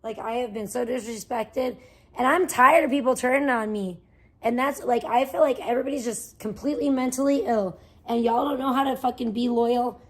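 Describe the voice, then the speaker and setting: A woman livestreaming, ranting in a profane, defensive way that swings between muttering and loud outbursts. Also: a little high, fairly quick. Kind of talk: casual livestream rant.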